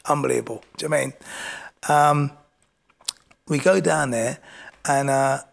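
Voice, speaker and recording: A man's voice: medium pitch, normal speed, gravelly. A male boxing coach, telling stories in a chatty way in an interview and acting out other people's voices as he goes. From England. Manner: chatty, keeps saying "do you know what I mean", acts out voices in his stories. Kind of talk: casual storytelling interview.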